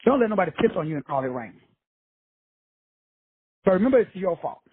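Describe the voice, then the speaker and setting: Host type: high, very raspy male voice, blunt and profane motivational talk, dry tinny phone-line sound. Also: sing-song, a little fast, dry recording. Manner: blunt, profane, streetwise preaching. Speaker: motivational speaker, show host. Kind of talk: casual motivational monologue.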